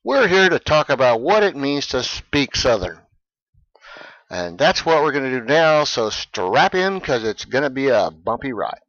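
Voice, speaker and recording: A man teaching English in a scripted lesson, speaking clearly and with emphasis for learners. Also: mid-range voice, sing-song, measured pace, fairly bright tone, no room sound, muffled recording.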